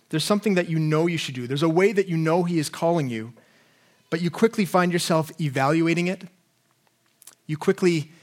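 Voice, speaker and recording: A man preaching a sermon in an earnest way, often repeating words and asking his listeners questions. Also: on the high side.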